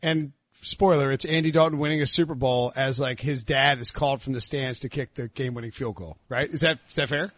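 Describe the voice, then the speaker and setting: A man's voice: medium pitch, steady tone, brisk, hardly any pauses, fairly bright tone, no echo. A man in his thirties hosting a casual sports podcast and teasing his co-hosts. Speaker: podcast host.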